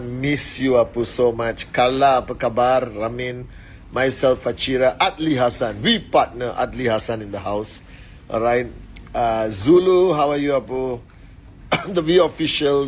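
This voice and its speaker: A man hosting a motivational live stream on his phone indoors, greeting viewers warmly and giving shout-outs. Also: medium pitch, slight background noise. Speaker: network marketing leader.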